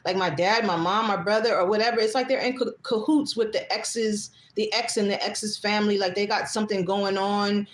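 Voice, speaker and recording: A woman hosting a casual livestream, chatting loosely, reading out viewer comments and getting heated and emphatic when she vents. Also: medium pitch. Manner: chatty, rambling, reads comments aloud. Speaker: livestream host.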